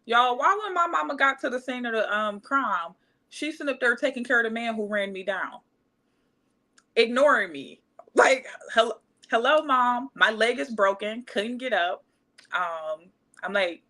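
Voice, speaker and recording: Woman, young, from cleveland, bright clear voice, animated storytelling, acts out quotes. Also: a little high, measured pace, rough recording. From Cleveland, Ohio. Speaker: podcast guest. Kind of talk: casual storytelling.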